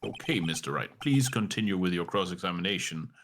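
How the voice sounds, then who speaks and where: A man's voice: sits low, lively intonation, fairly quick, fairly bright tone, voice pushed down. A man voicing a formal older male courtroom judge in a fan game dub, with faint hiss behind.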